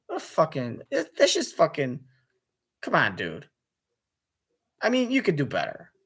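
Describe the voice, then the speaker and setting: Man, young adult, angry profane rant, rapid, restless, lots of restarts. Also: a little high, huge pitch swings, a bit bright, husky. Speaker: sports radio caller venting on his channel.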